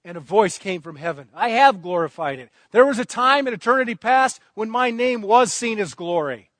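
Impassioned high-voiced male preacher. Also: lively intonation, normal speed, a bit bright, no echo. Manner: impassioned, rising and falling emphasis with repeated phrases. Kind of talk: sermon.

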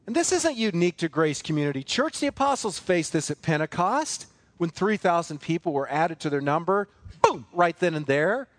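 Man, pastor preaching, high voice, emphatic repetition, dry sound. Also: expressive, moderate pace, no room sound. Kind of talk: sermon.

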